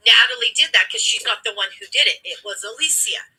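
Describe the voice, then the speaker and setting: Husky, bright-voiced woman telling a heated story. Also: fairly high pitch, expressive, fairly quick, poor audio. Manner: emphatic, blunt and profane, reenacts dialogue. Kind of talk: impassioned storytelling commentary.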